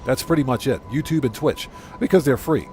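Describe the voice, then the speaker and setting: A man's voice: medium pitch, brisk, a little mellow, faint music behind. A middle-aged man hosting a gaming livestream, chatting casually, rambling and correcting himself as he reads chat aloud. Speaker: livestream host.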